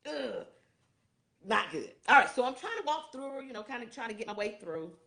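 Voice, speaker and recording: A woman hosting a show, recapping an event in a casual, animated storytelling way, acting out what people said. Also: on the high side, normal speed, creaky. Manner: animated storytelling, acts out quotes. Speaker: show host.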